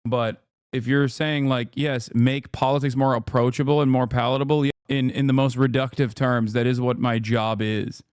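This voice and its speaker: A man's voice: mid-range voice, level tone, normal speed, few pauses, darkish tone, smooth, dry recording, studio quality. A man in his thirties giving sarcastic, incredulous commentary on a live stream while reacting to a news report.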